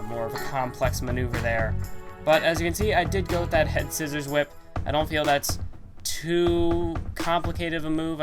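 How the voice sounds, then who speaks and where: A young man talks through a wrestling game in a casual, meandering way, stopping to correct himself and padding with fillers. His pitch is mid-range. Game music plays clearly behind him. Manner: rambling, frequent fillers and self-corrections. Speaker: gaming channel host. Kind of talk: casual gameplay commentary.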